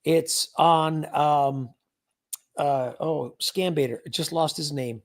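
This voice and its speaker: A man's voice: fairly high pitch, steady tone, slow. A man hosting a casual livestream, chatting and greeting viewers by name. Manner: chatty, reads viewer names aloud. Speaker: livestream host.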